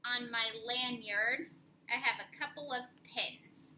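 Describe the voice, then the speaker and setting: A young woman teacher giving a slow, clear, encouraging spelling lesson to young children from her classroom. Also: a little high, pushed and bright, a little hiss or hum, rough recording.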